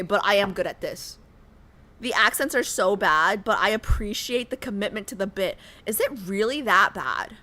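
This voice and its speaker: An American woman streaming a game, chatting casually with her viewers in an animated, joking way. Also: fairly high pitch. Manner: animated, joking, talks to chat. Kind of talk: casual livestream chat.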